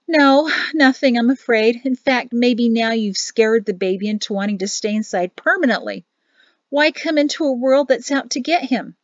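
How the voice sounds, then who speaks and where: A woman putting on a young expectant mother from a storybook, her voice lifted high and soft, tender and wry by turns. The recording is dull and lo-fi, with a dry, close sound. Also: moderate pace, no echo, lightly acted. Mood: tearful.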